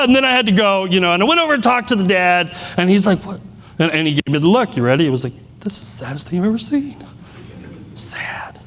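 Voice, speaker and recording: A man's voice: a little high, big-room sound. A middle-aged man giving a keynote, telling personal family stories in a candid, self-deprecating way with many restarts. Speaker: keynote speaker.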